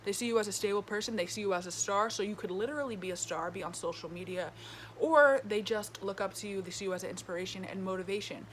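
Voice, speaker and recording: A woman's voice: medium pitch, fast, slight background noise. A woman giving a casual tarot reading with a retainer in her mouth, chatty and full of fillers, often checking in with "okay?". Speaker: tarot reader.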